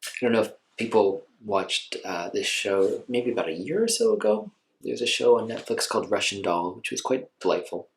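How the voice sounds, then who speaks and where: A man teaching meditation in an informal talk, speaking gently and conversationally with frequent filler words. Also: fairly low pitch, big pitch swings, moderate pace, creaky, rough recording.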